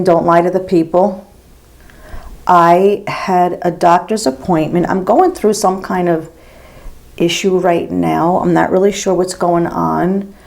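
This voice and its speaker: A woman's voice: lowish voice, creaky, darkish tone. A woman in her fifties chatting casually to her camera as she does her makeup, telling a rambling story with lots of "girl" and "like.". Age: 50s. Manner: gossipy, rambling, says girl and like a lot. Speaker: makeup vlogger and nurse.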